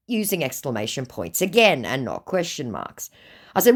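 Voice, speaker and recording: A woman's voice: rumbling low, sing-song, moderate pace. An Australian woman telling a comic story of baiting a scammer, dry and sarcastic. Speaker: scam baiter.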